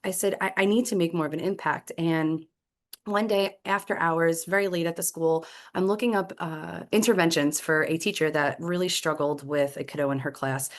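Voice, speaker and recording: A woman, a podcast guest telling her career story in a lively, casual way. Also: sits low, moderate pace. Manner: animated storyteller acting out quoted dialogue. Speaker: podcast guest, clinical executive.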